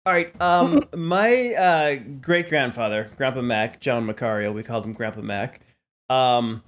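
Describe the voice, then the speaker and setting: A man's voice: medium pitch, lively intonation, a little slow. A man co-hosting a comedy podcast, telling a story in a rambling way full of fillers. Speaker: podcast co-host. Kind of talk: casual comedic chat.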